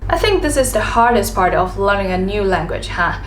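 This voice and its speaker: A young woman from China, teaching an online language lesson and lively acting out sample conversations. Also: mid-range voice, brisk, slight background noise. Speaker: Chinese teacher. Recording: roomy with faint music.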